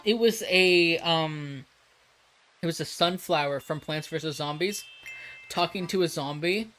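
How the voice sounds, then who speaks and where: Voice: medium pitch, measured pace, fairly bright tone, slight background noise, low-quality recording. A streamer chatting casually with viewers while drawing, rambling, laughing often and swearing freely.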